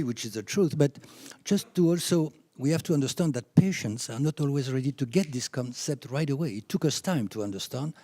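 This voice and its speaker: A French man in his seventies, speaking with a French accent at a conference, shares lively stories from his years as a chiropractor, laughing often and getting louder and higher when excited. His pitch is medium, and there's no room sound.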